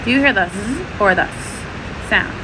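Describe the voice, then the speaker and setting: A woman teaching a first-grade phonics lesson, sounding out letters and words slowly and clearly. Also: medium pitch, animated, background noise.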